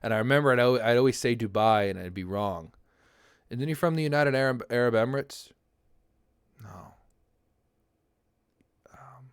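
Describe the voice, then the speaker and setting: A man's voice: mid-range voice, moderate pace, pauses often, clean tone, no echo, clean studio sound. A man ranting casually on a livestream, rambling and swearing, laughing often and answering his chat. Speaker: streamer reading chat.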